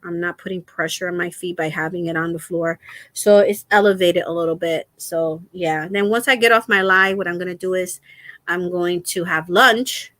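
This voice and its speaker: On a laptop mic with no room sound, a middle-aged crochet host chats casually with live-stream viewers from home, where she's lying down with her feet raised. Her voice is fairly low-pitched yet a bit bright, and she laughs frequently while telling stories.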